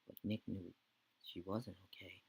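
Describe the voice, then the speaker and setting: A man's voice: deep voice, level tone, unhurried, a little mellow, slight background noise, low-quality recording. A man narrating the storyline of his life-sim game let's play, earnest and rambling.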